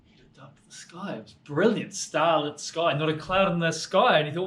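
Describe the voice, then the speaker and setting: A man telling a story to children at church, swinging between lively and hushed delivery. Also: fairly high pitch, normal speed, few pauses, noisy background.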